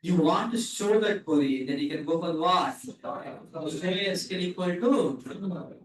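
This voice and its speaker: A man with a high-pitched voice speaks a little slowly, far from the mic, as he teaches programming to a class. He repeats questions and quizzes students with short prompts they answer back in a call-and-response lecture. The room is echoey and he's off-mic.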